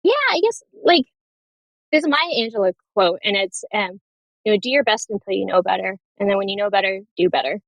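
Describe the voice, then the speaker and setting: A woman's voice: mid-range voice, a little fast, vocal fry, no room sound, muffled recording. Candid woman nurse practitioner guest. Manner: candid, storytelling, laughs often. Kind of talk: casual interview chat.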